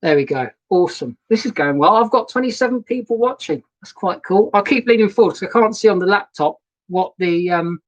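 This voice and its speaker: A man's voice: sits high, expressive, brisk, muffled recording. Male host, casual rambling chat, friendly greetings to viewers, sofa-side live stream setup. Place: sofa inside a narrowboat. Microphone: laptop webcam setup.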